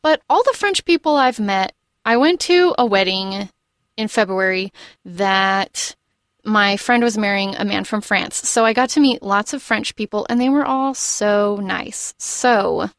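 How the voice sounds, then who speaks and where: A woman in casual film-discussion talk, animated and rambling, laughing often. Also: mid-range voice, a little slow, no room sound, clean studio sound. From United States. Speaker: podcast co-host.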